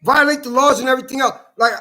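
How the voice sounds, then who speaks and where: A man's voice: extremely high pitch, steady tone, fast, pushed and bright, faint music behind. A man delivering a heated, profane monologue full of stumbling restarts, as a social media commentator. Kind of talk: ranting monologue.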